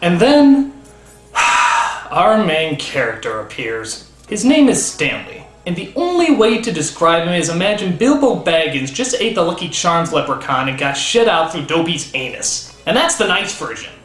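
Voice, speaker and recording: A man's voice: fairly high pitch, big pitch swings, moderate pace, hardly any pauses, fairly bright tone, echoey room. A man hosting a comedic film review, ranting and swearing in exasperation. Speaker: host.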